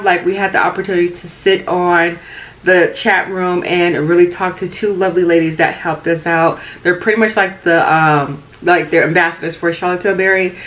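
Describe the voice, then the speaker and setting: Hoarse woman in her thirties, raspy and low-pitched, for a loose, chatty vlogger read. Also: a bit bright. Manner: chatty, rambling, many fillers and restarts. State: hoarse from a cold. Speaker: beauty vlogger. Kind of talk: casual chat.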